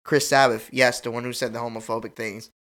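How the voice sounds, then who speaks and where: A young man hosting a casual chat, telling an animated, slangy story and acting out quotes. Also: mid-range voice, fairly quick. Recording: loud background noise.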